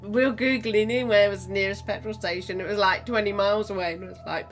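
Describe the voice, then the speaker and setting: A woman's voice: mid-range voice, fairly even intonation, fast talker, few pauses, faint music behind. A woman, a mother co-hosting a casual podcast chat, who tells stories and laughs often. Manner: laughs often, chatty storytelling. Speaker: podcast co-host; mother of co-host.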